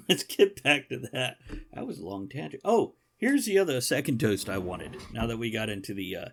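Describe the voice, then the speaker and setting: A man's voice: mid-range voice, very animated, normal speed, creaky, a little hiss or hum. A man hosting a podcast, chatting casually in a joking, rambling way and laughing often. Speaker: podcast host. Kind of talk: casual chat.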